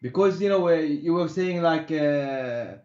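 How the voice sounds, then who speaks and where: A man's voice: fairly high pitch, unhurried, darkish tone. A man calling into a live debate, hesitant and stammering, with many restarts. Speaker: caller in a debate. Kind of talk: live debate over a call. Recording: echoey, muffled call audio.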